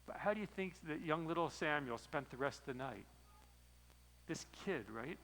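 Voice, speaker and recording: A man as pastor preaching a sermon, retelling a story in a lively, storytelling way. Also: on the high side, moderate pace, low-quality recording.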